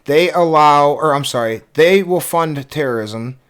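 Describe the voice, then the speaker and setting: A man's voice: on the high side, a little slow, fairly bright tone, clean tone. A man co-hosting a podcast in casual banter, joking and loose, swearing casually.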